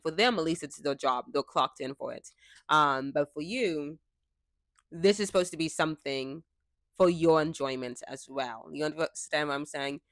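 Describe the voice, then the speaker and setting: A woman's voice: sits low, fairly bright tone, dry recording, studio quality. Frank, chatty young woman vlogger. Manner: frank, chatty, laughs often. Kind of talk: casual talk to camera. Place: indoors, seated before a fixed camera. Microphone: camera mic.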